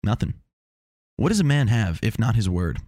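Rambling low-voiced man, casual chat. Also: very animated, normal speed, dark tone, no room sound, clean studio sound. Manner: rambling, self-mocking, meandering asides.

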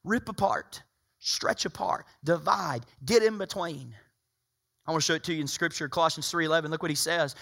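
A man from Tennessee, preaching a sermon as pastor. He swings from loud, emphatic preaching to hushed, intimate asides. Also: a little high, a little fast, creaky. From Tennessee, USA.

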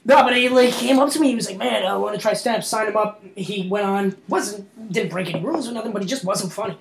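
A man's voice: high voice, fast talker, roomy sound, crowd noise. A young man, a stand-up comedian, telling stories and laughing in a casual podcast chat. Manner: rambling, laughing storyteller.

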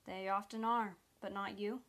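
A woman reading the lines of a calm, gentle male federal agent who speaks persuasively. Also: medium pitch, normal speed, close to an everyday voice.

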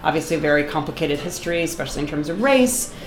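A middle-aged woman from Boston, a guest artist chatting casually in an interview, animated and talkative, laughing often. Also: sits low, quick pace, reverberant. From Boston, USA.

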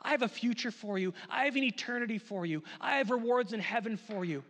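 A male pastor preaching a sermon, earnest and slow on his key lines, repeating phrases for emphasis. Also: very high-pitched, a bit bright, big-room sound. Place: church sanctuary.

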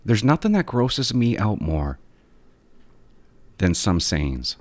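A man talking straight to his viewers in an exasperated, animated way, ranting about his pet peeves and telling stories. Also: on the low side, takes it slowly, no echo. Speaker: vlogger. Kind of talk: casual ranting monologue.

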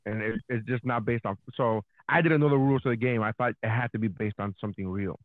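A man's voice: fairly low pitch, fast, no room sound, phone-quality sound. A man, a comedian, chatting casually on a podcast and telling stories animatedly, acting out his own reactions.

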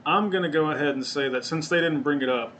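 Talking fast in a fairly high, bright voice, a man hosts a casual solo podcast with a little hiss or hum in the audio. He rambles profanely and keeps correcting himself, using a webcam or desk mic visible on camera.

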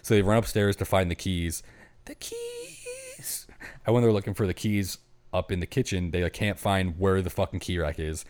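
A man's voice: low voice, steady tone, brisk, darkish tone. A man co-hosting a podcast, retelling a movie plot in loose, profane casual chat and acting out the characters' lines. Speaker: podcast co-host.

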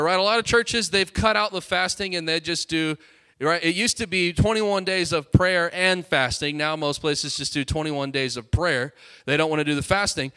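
Male preacher, high clear voice, fired-up sermon with asides to the congregation. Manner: energetic, exhorting, quick asides to the congregation. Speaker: pastor. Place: church sanctuary.

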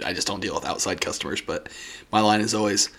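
A man's voice: deep voice, fast talker, fairly bright tone. A young man chatting casually, laughing easily and ranting with exasperation. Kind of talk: casual chat.

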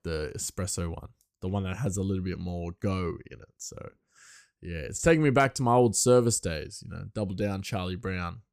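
A man's voice: deep voice, vocal fry, a little mellow, no room sound, studio quality. Rambling man, casual chat. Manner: rambling, chatty, laughs often. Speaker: podcaster.

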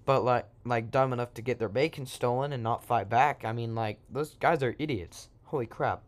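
A man's voice: mid-range voice, normal speed. A man improvising a silly story in an offhand, joking way, breaking off into asides.

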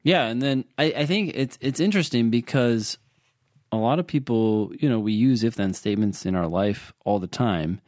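A man's voice: medium pitch, normal speed, a little mellow, dry recording, studio quality. A man tutoring for the LSAT in a casual chat, patiently explaining logic with everyday examples and repeating key points.

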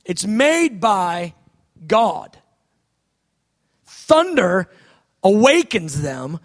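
High-voiced dramatic male preacher. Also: big pitch swings, extremely slow. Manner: dramatic, swings from shouting to hushed. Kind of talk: sermon.

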